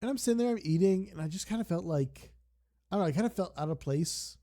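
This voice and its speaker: A young man chats casually while streaming a game. He rambles and sidetracks constantly, and his slightly high voice has a gravelly, mellow edge. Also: animated, fast talker. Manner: rambling, digressive storytelling.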